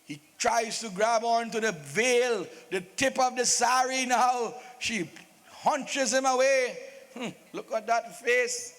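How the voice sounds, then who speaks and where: A high-voiced man narrates a religious folk play live, slipping in playful jokes. His voice booms with long echo through an open-air loudspeaker. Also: takes it slowly. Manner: playful, joking asides. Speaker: stage narrator.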